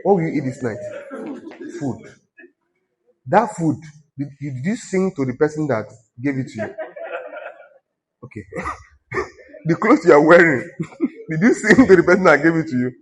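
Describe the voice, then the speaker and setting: A man's voice: fairly high pitch, sing-song, unhurried, pauses often. Nigerian male pastor, conversational sermon voice that prods and teases the congregation. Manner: exhorting, conversational, teasing the congregation.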